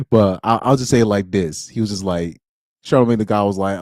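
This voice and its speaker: A man's voice: lowish voice, moderate pace, pauses often, a little mellow, no room sound, studio quality. A young man streaming alone, chatting casually in slang, rambling and laughing as he goes. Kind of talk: casual chat.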